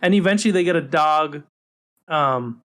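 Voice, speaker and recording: Animated young man chatting on a podcast. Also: moderate pace. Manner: animated, mimics characters in high voices. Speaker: podcast co-host. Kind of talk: casual chat.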